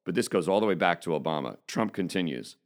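A man's voice: sits low, animated, fast talker. A man giving an indignant opinion monologue as a political commentator, speaking emphatically. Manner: emphatic, indignant, reads quotes aloud.

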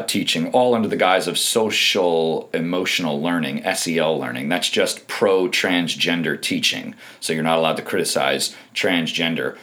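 A low-pitched man talking through an opinion segment. He is emphatic and scornful, leaning hard on key words as he reads out quotes and adds his own remarks. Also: a bit bright. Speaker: political commentator. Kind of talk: opinion commentary monologue.

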